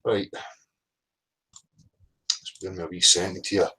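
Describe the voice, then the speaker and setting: A man's voice: low voice, little pitch movement, measured pace, pushed and bright, husky, poor audio. A man hosting a casual livestream, blunt and sweary, greeting chat viewers by name. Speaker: livestream host.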